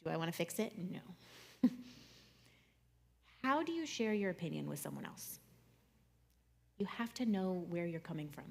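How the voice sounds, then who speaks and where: A young adult woman speaking to an audience in a conversational, jokey way, swinging between loud and soft. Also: on the low side. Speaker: speaker giving a talk.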